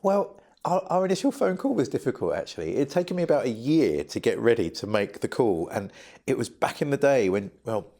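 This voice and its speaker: A middle-aged man, a guest in an interview, telling stories in an animated, humorous way. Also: medium pitch, fairly quick. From United Kingdom. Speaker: charity founder guest. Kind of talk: interview storytelling.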